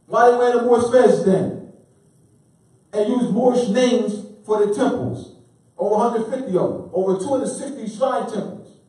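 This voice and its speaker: A man with a high, mellow voice lectures a live audience, quizzing them call-and-response style and stressing key words by repeating them. The room is very echoey and the mic is far away.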